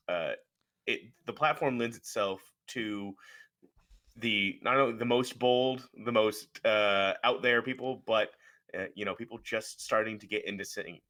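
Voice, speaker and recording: A man's voice: on the low side, sharp tone. A man answering as a guest in a casual interview, easygoing and rambling with many fillers.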